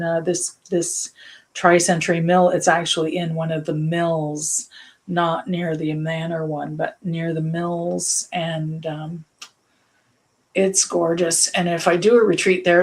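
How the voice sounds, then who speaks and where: Chatty Canadian painting teacher, low voice. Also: female voice. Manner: chatty, rambling, laughs often. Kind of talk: casual live painting lesson chat.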